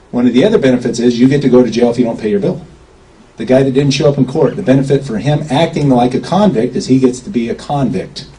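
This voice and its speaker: A man giving a loose, folksy talk to a small gathering, with a mellow, dark tone. He rambles and keeps checking in with his listeners. A faint hiss of noise runs under the recording. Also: mid-range voice, poor audio. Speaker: speaker at a public gathering. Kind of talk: informal lecture to a small crowd.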